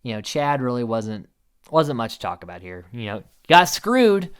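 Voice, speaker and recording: Guy casually recapping, bouncy animated voice, chatty, laughs a bunch. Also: medium pitch, moderate pace, smooth. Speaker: show recap host.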